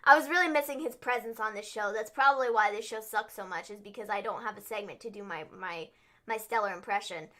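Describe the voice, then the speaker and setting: Co-hosting a wrestling show's livestream recap, this young adult woman talks quickly in a bright, forceful, medium-pitched voice. Her chatter is loose and filler-heavy, and she performs quotes using goofy voices.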